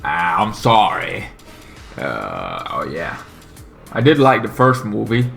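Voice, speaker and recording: A man's voice: on the low side, vocal fry, soft background music. A man from Belgium with a Flemish Dutch accent and Flemish Dutch as his first language. He gives casual, rambling commentary on comics, swearing freely and stumbling over fillers. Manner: profane, excitable, halting with many fillers.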